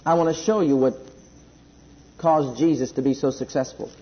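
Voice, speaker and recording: A man preaching a sermon, emphatic at times and then dropping to a soft, slow delivery, in a dull lo-fi recording. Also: on the high side, steady tone. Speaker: pastor.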